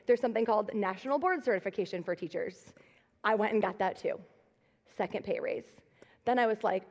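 A middle-aged woman pastor preaches live. She speaks at an ordinary pitch in a chatty, self-mocking storytelling manner. Her voice trails off into the long echo of a big church hall. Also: fairly quick, a little mellow. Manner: conversational, personal storytelling with self-deprecating humor. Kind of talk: live sermon. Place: large church auditorium.

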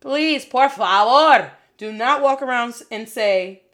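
Animated woman teaching a spoken lesson. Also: a little high, slow pace. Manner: animated, playful, scolding with mock outrage. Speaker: Spanish teacher and podcast host.

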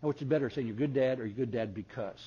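Older male seminar speaker, folksy storyteller, loud bursts then soft asides; dull live recording. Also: mid-range voice, fast, a little hiss or hum. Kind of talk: live seminar talk with audience questions.

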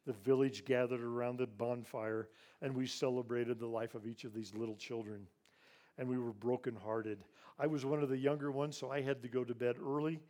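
Earnest older man telling a story. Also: medium pitch. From grew up in Ivory Coast. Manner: earnest, hushed and emotional when recounting loss. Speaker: charity president speaking to a church audience. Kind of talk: personal storytelling talk.

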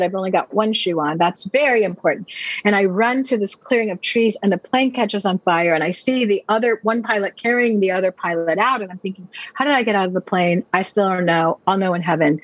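A woman pastor tells her own testimony in an earnest, vivid way, often restarting her words in a rush. Her voice is husky and a little breathy. The recording is dry and slightly muffled. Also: mid-range voice, dry recording. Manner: earnest, vivid storytelling with quick repeated restarts. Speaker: pastor and Bible teacher. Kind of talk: personal testimony storytelling.

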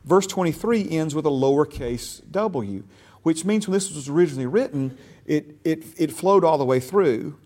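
A man's voice: fairly high pitch, expressive, normal speed, a little mellow. A man teaching a Bible class in a conversational way, repeating phrases for emphasis and checking that his listeners follow him.

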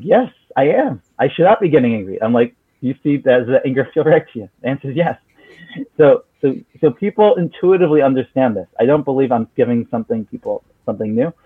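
A man's voice: mid-range voice, no room sound. A therapist being interviewed, explaining his approach earnestly with many restarts and acted-out client exchanges. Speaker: therapist guest. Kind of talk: conversational explanation. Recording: husky voice over a tinny phone-like line, dry.

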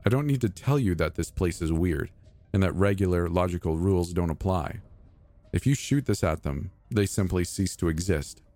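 A man voicing a gentle, patient young man who speaks softly and reassures a frightened friend. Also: deep voice, expressive, normal speed, dry recording. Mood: explaining. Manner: soft, patient, quietly encouraging.

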